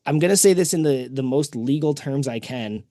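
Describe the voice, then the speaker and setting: Animated man telling a story. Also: medium pitch, normal speed, no echo. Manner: animated storyteller, acts out quoted people. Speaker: podcast host. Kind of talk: casual storytelling chat.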